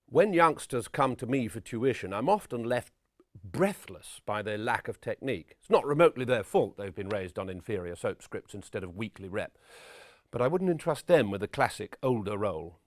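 A man playing a vain, pompous middle-aged character actor, lecturing on his craft in a deadpan, self-regarding way. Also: on the low side, moderate pace, no echo, clean studio sound. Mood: self-important. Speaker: actor giving acting advice. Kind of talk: deadpan spoof documentary address.

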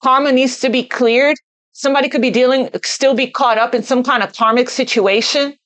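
A woman with a high, fairly bright voice gives an unscripted tarot card reading, speaking a little fast in a steady tone. As a tarot reader, she talks earnestly as though passing along intuitive messages, repeating phrases for emphasis.

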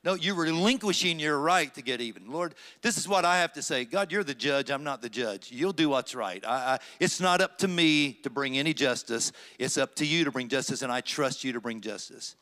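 A middle-aged man, a pastor, preaching a sermon with dramatic slow phrases and rising emphasis. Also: medium pitch, animated, pushed and bright.

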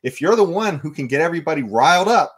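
A man's voice: on the high side, lively intonation, quick pace. A man co-hosting a political talk show, conversational, stammering and often laughing. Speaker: podcast co-host. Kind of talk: political commentary.

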